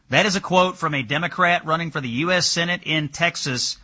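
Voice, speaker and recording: Male host, bright husky voice, brisk and disbelieving. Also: a little high. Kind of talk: political talk show.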